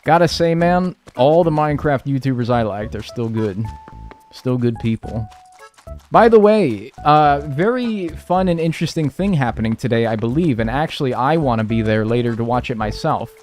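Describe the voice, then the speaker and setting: A man's voice: mid-range voice, moderate pace. Rambling, profane man streaming a game. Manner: rambling, profane, animated storytelling with mimicked voices. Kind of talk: casual stream chat while gaming. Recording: faint music behind.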